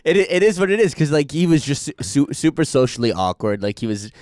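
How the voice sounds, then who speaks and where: A man's voice: on the high side, very animated, a little fast, darkish tone, no room sound. A young man co-hosting a podcast, telling a long story in casual chat, rambling with lots of fillers and laughing as he goes. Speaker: podcast co-host.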